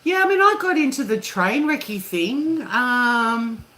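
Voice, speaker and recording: A woman's voice: fairly high pitch, sing-song, measured pace, bright, forceful tone. A woman hosting a casual live chat with viewers, talking candidly and swearing freely. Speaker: livestream host. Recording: echoey room with faint hum.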